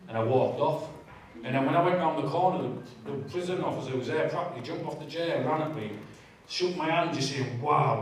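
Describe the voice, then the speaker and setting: A man sharing his testimony in a church, with animated, self-mocking storytelling and asides to the audience. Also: mid-range voice, slight background noise. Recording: echoey church hall, distant mic.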